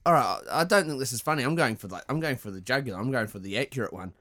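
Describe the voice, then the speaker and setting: A man's voice: mid-range voice, very fast. A Scottish man co-hosting a comedy podcast, rambling and swearing as he builds his answers. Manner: animated, swearing, rambling storytelling. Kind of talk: casual comedy podcast chat.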